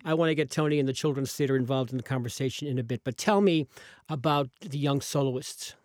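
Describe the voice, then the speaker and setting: A man's voice: mid-range voice, quick pace, a little mellow, no echo. Radio host man, dry studio sound. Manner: loose, thinking-aloud questions. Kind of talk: radio interview. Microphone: studio microphone.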